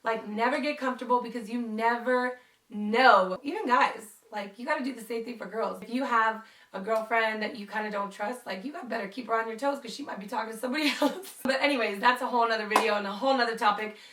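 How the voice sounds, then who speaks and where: Brief: young woman vlogger, storytime chat, high-ish voice, a bit off-mic in a roomy space. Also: quick pace, distant mic. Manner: chatty, animated, lots of "like". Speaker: YouTuber telling a story. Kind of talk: casual storytime vlog.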